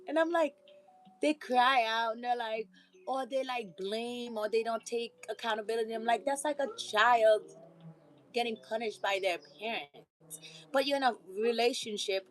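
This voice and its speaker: A woman's voice: a little high, normal speed, faint music behind, low-quality recording. A woman vlogger giving a rambling, casual motivational talk, with frequent laughter and preachy asides.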